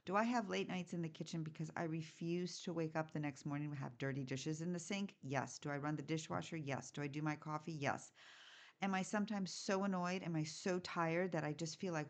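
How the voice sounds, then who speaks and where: A woman's voice: low-pitched, brisk. A middle-aged woman hosting a podcast as a home organizer, talking casually and putting direct questions to her listeners. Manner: chatty, lively, asks listeners direct questions. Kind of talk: casual solo podcast talk.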